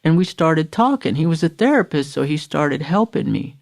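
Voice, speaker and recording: A woman's voice: deep voice, lively intonation, moderate pace, a little mellow. A middle-aged woman from Florida, a podcast guest, giving an earnest, emotional personal recovery testimony and acting out the quotes she retells. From Florida, USA.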